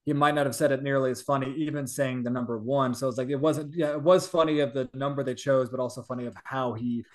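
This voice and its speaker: A man co-hosting a casual movie review chat, hedging his points and thinking out loud. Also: mid-range voice, steady tone, fast. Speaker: podcast co-host.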